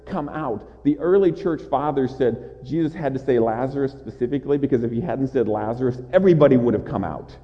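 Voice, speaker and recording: A man preaching a sermon in an earnest way, with small stammered restarts and rhetorical questions. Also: medium pitch. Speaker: pastor. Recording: dull audio with long hall reverb.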